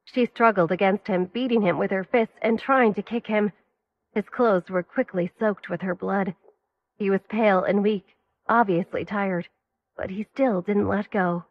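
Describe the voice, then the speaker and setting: A woman's voice: medium pitch, muffled recording. Woman narrating an audio story.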